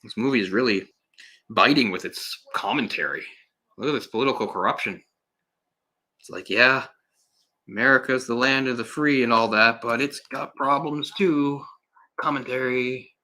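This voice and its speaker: A man's voice: mid-range voice, moderate pace, pushed and bright. A young man giving casual, sarcastic live commentary on a film, exasperated and swearing at times. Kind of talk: solo live movie commentary.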